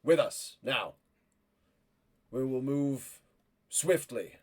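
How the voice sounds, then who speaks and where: A man's voice: mid-range voice, lively intonation, extremely slow. A man playing a stern, formal noble lord. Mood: commanding. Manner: formal, commanding.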